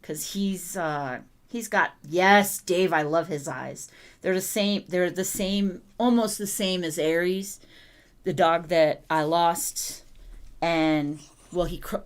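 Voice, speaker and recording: A woman's voice: fairly low pitch, slow. A woman hosting a casual livestream, cooing and baby-talking to her puppy and laughing often. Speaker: livestream host.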